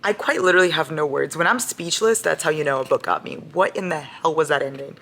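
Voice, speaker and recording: A young woman chatting casually in a reading vlog, expressive and quick to swear, with sudden laughs and shocked outbursts. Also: low-pitched. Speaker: book vlogger.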